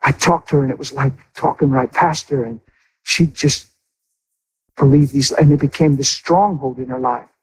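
A man's voice: mid-range voice, normal speed, slight background noise, poor audio. A middle-aged man preaching a sermon as a pastor, telling a personal story with emotion and speaking straight to his congregation.

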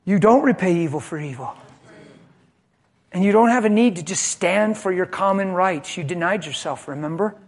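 An impassioned man preaching a sermon, his voice high for a man. He swings between hushed moments and fired-up, loud stretches. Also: normal speed. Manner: impassioned, animated preaching, rising and falling.

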